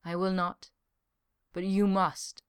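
A frank young woman, soft but firm, as read by a woman narrating an audiobook. The voice is low and smooth, earnest and caring. Her lines come through as a storybook figure speaking plainly. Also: little pitch movement, takes it slowly. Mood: fierce.

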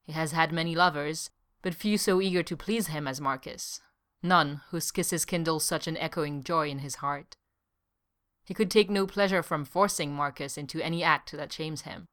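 Woman, story narrator, very deep pitch for a woman, soft, even, unhurried reading.

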